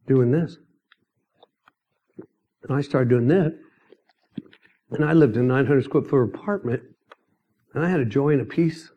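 A middle-aged man delivers his mission testimony as a sermon, telling the story emphatically and erupting now and then into sudden loud outbursts. His voice is medium-pitched, and the recording has its highs cut off.

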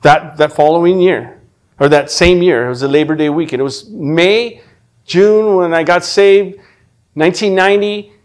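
A middle-aged man telling his personal faith testimony, earnest and emotional, often restarting his sentences and dropping from loud to hushed. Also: a little high, moderate pace. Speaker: testimony speaker.

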